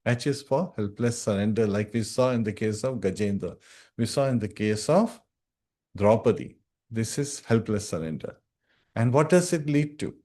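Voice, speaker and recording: A man's voice: on the low side, expressive, normal speed, darkish tone. A man giving a devotional scripture class, speaking earnestly to his devotees, reciting Sanskrit verses and often checking in with "right?". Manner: earnest and instructive, addresses listeners as dear devotees.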